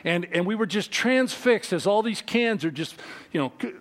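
A middle-aged man preaching a sermon, telling a childhood story in an animated way, swinging from loud to quiet. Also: high-pitched, moderate pace. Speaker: pastor.

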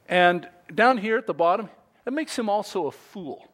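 Give me a lively, high-pitched male preacher. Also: normal speed. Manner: animated, playful storytelling with acted-out quotes. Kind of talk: sermon.

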